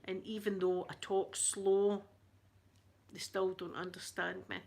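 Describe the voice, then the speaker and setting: A woman's voice: medium pitch, level tone, a little slow, gravelly. Scottish lady, thick accent, middle-aged, chatty and giggly, talking to her stream. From Scotland. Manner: chatty, laughs often, soft-spoken. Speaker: livestream host. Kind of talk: casual chat with live viewers.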